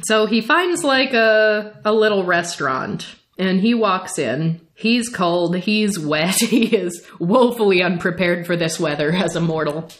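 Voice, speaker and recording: A woman's voice: lowish voice, lively intonation, unhurried. A woman co-hosting a casual podcast, summarizing a novel with frequent laughter and reading bits aloud. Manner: laughs often while recapping, reads passages aloud. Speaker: podcast co-host. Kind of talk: casual book discussion podcast.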